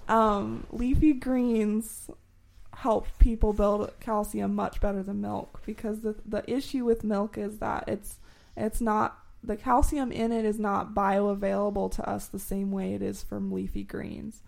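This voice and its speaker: A woman's voice: medium pitch, flat delivery, a little slow, gravelly, darkish tone. A young woman in casual chat, explaining things in an informal, chatty way and laughing often.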